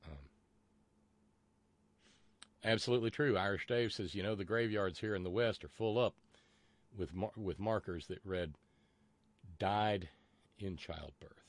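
A man's voice: lowish voice, a little slow, pauses often, no echo. A man hosting a call-in radio talk show, chatty and rambling with many fillers and restarts, and wry asides.

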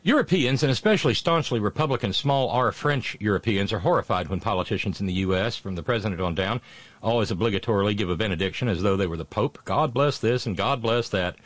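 Quick and expressive, this fairly low male voice, with no echo, belongs to a talk show host going through listener messages. He reacts in a conversational way, full of filler sounds and blunt, sardonic asides.

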